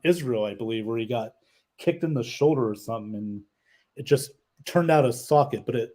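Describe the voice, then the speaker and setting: Male podcast host, casual chatter, mellow dark tone, lots of hesitant restarts. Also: mid-range voice, a little fast. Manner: rambling, hesitant, trailing off often. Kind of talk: casual wrestling chat.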